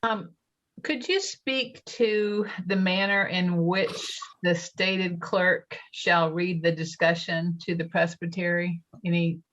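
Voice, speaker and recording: A woman in a training session asking a slow, deliberate question. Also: lowish voice, steady tone, a bit bright, highs cut off.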